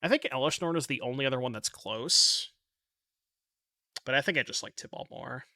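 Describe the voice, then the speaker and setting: A man's voice: medium pitch, normal speed, pushed and bright, dry recording, clean studio sound. A man giving casual commentary on his online card game, thinking aloud in a chatty, self-mocking way and swearing now and then.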